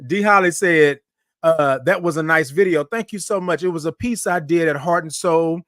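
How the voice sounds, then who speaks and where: A man's voice: on the high side, moderate pace, fairly bright tone, no echo, clean studio sound. Upbeat man hosting a live chat. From Houston, Texas. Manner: upbeat and effusive, repeats phrases, reads comments aloud. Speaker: livestream show host. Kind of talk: casual live-stream chat greeting viewers.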